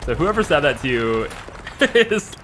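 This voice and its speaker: A man's voice: a little high, big pitch swings, unhurried, a bit bright, slight background noise. A man with a Scottish accent giving live gameplay commentary, musing aloud and chatting to viewers and to the little workers in his game. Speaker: streamer.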